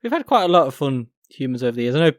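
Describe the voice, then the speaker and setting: A man co-hosting a casual podcast, relaxed and chatty with quick asides. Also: mid-range voice, dry recording, clean studio sound. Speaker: podcast co-host.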